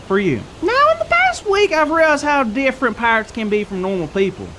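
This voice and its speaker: Young man, kids church host, goofy, playful, very lively pitch, faint hiss behind. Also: brisk. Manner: goofy, playful pirate persona. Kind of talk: playful kids show hosting.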